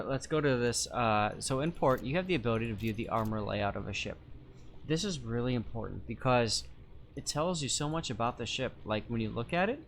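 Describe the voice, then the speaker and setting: A man's voice: medium pitch, a little hiss or hum. A man streaming a naval game live, reading chat aloud and working through armor math step by step in a casual, talkative way. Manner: chatty, explains step by step, reads chat aloud.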